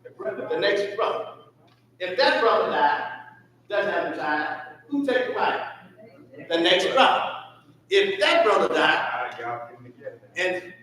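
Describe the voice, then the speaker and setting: A man's voice: high voice, sing-song, takes it slowly, long pauses, bright, forceful tone, a little hiss or hum. A man with a Southern US accent teaching a Sunday school class, asking the group questions and answering them himself. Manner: call-and-response questioning. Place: church hall. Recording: echoey room from far off.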